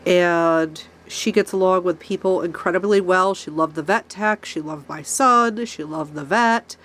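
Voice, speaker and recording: Speaking at an unhurried pace in a fairly low, slightly bright voice, a woman vents angrily to camera about a problem. She keeps rabbits, has a stuffy nose from a cold, comments on her own angry tone, and films casually in the rabbit barn with her pets nearby.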